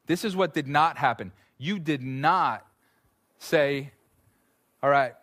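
Animated preaching man, slightly high voice. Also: slow. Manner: animated storytelling, repeats words when building a point. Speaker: pastor. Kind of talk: sermon.

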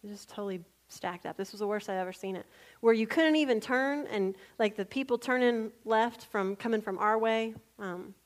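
A woman delivers a sermon built on personal stories, her voice sitting at an ordinary middle pitch. She talks in an animated storytelling way, laughs readily, and sinks to a near whisper when she quotes a prayer. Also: normal speed. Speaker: preacher.

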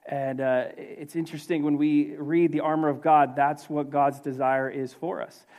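A man's voice: fairly high pitch, level tone, moderate pace, darkish tone. A man pastor preaching a sermon in a loose, conversational way, with many filler words and restarts.

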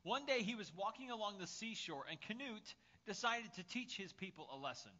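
A man's voice: high-pitched, lively intonation, brisk, pushed and bright, highs cut off. A male pastor preaching a sermon with a summer cold. He tells stories and talks with frequent fillers and restarts. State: has a summer cold, coughing. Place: church.

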